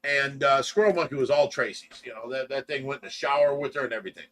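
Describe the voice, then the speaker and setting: A man hosting a casual livestream, telling a story with animated shouts and quick impressions, in a Midwestern American accent. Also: medium pitch. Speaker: show host telling a story.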